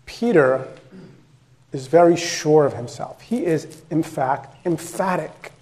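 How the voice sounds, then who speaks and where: A man's voice: fairly high pitch, slow, darkish tone. A male pastor preaching a sermon in a conversational, direct way, repeating phrases for emphasis.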